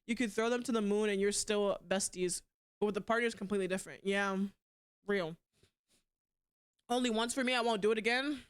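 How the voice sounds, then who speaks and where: A young woman streaming live, chatting casually and bluntly, swearing a lot and swinging between loud outbursts and quieter asides. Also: medium pitch, fairly quick, long pauses, clean tone. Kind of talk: casual livestream chat.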